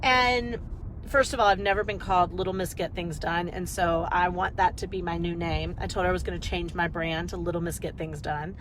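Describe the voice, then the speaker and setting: A woman business coach chatting casually on a live video, rambling and energetic, talking into a phone while driving. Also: fairly low pitch, a little fast, slight background noise, low-quality recording.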